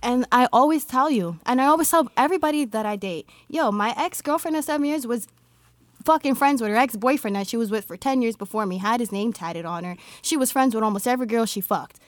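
A woman's voice: fairly high pitch, lively intonation, brisk, no echo. A woman co-hosting a casual chat, blunt and argumentative, swearing freely. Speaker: podcast co-host.

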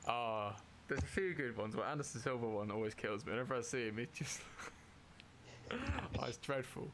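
A man's voice: mid-range voice, sing-song, normal speed, a bit bright. Guy hosting a chill chat, laughs a lot, bit of background hiss. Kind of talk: casual chat.

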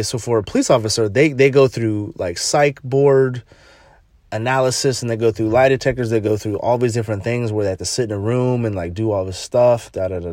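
A man's voice: medium pitch, darkish tone, no echo, studio quality. A young man who works at a jail, telling a rambling story in casual chat, swearing and restarting often.

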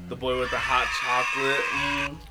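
A man's voice: medium pitch, monotone, normal speed, over a noisy crowd. A young man co-hosting a podcast, chatting casually and ranting in a loose, grumbling way. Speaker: podcast co-host. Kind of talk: casual chat.

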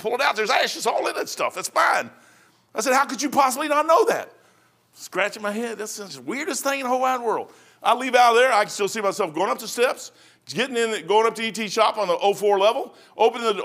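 A man preaching a sermon as pastor, telling stories in a folksy, conversational way and swinging between loud emphasis and hushed asides. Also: high-pitched.

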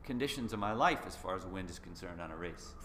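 A man's voice: low-pitched, lively intonation, fast talker, a bit bright. A man co-hosting a podcast in casual chat, easygoing and rambling, with frequent restarts. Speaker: podcast co-host. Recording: echoey room with faint noise.

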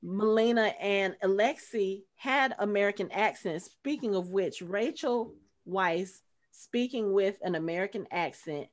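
A middle-aged woman hosting a casual movie review chat, blunt and animated, swearing freely as she recaps scenes. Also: mid-range voice, measured pace.

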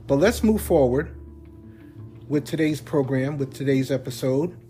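A man hosting a Christian podcast, speaking in a measured, earnest way with occasional fillers and asides. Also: medium pitch, mellow, faint music behind. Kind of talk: scripted-sounding podcast talk.

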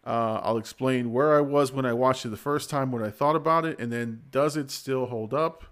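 A man's voice: mid-range voice, moderate pace, a bit bright. A man in his forties hosting a casual livestream podcast, chatty and rambling, laughing often. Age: 40s. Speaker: podcast host.

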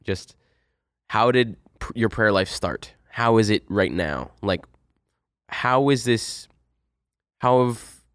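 Deep-voiced man, rambling casual chat. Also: slow pace, long pauses, dry recording, clean studio sound. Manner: relaxed, rambling, heavy use of "like". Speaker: co-host.

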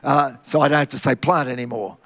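A man's voice: medium pitch, quick pace. A man from Queensland with an Australian accent, preaching a sermon and telling Bible stories with humour. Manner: lively storytelling, acting out Bible scenes with humour. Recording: long hall reverb.

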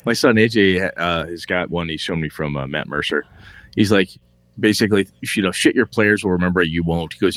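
Male co-host, low and animated, casual cursing, dry close sound. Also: brisk, no room sound. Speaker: podcast co-host. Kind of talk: casual chat.

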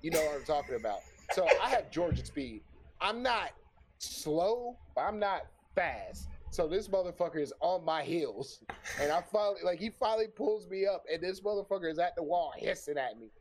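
A young adult man telling a story in a casual chat, swearing freely, animated, and often breaking into laughter. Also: high-pitched, normal speed, a little hiss or hum. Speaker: podcast guest telling a story.

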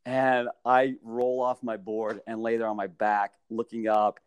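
A man telling stories in casual chat, animated and often laughing. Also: fairly low pitch, unhurried, clean tone, dry recording. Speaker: storyteller.

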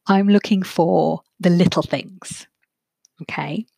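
Low husky woman podcaster. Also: slow, mellow, dry recording, studio quality. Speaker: therapist and podcast host. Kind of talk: solo podcast talk.

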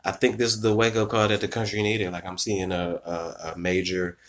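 A man on a casual podcast, his voice sitting a little low. He tells stories in loose slang and jumps into quoted voices to act out other people. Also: completely flat delivery, brisk, fairly bright tone. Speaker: podcast co-host.

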